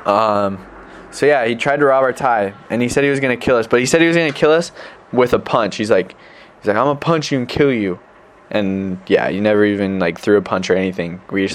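A young adult man telling a story casually to the camera as a missionary, rambling and filling gaps with "like.". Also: lowish voice. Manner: rambling, filler-heavy, lots of "like".

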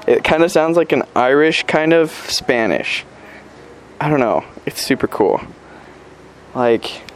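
A man's voice: mid-range voice, a little hiss or hum. Young man in his twenties, missionary, chatty and upbeat, full of fillers. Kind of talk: casual video update.

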